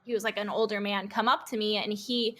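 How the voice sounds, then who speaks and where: A young woman guesting on a podcast, telling animated, casual stories, acting out what people said and swearing freely. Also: medium pitch, a little fast. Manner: animated storyteller who acts out quotes and swears freely. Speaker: guest streamer. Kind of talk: casual podcast interview chat.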